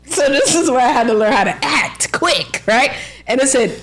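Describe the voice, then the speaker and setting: A woman's voice: high-pitched, expressive, normal speed, soft background music. Chatty woman telling stories. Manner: chatty storyteller, lots of "like" fillers, laughs often. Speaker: author and book coach, podcast guest. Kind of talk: casual interview chat.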